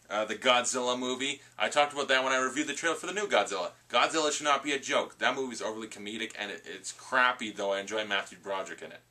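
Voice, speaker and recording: A man's voice: medium pitch, bright, forceful tone. A man giving a casual, rambling movie review full of asides. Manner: chatty, rambling with asides and quick impressions.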